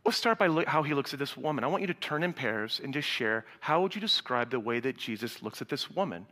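A man preaching a sermon to a live congregation, animated, acting out dialogue and swinging from loud to hushed. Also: medium pitch, quick pace. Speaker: pastor. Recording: reverberant hall sound.

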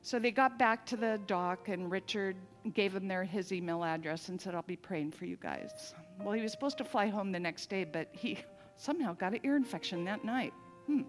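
A woman's voice: mid-range voice, a little fast, soft background music. Woman preaching in a reverberant church. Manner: warm storytelling, conversational asides. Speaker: pastor. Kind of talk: sermon. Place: church sanctuary. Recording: long reverb of a large church hall.

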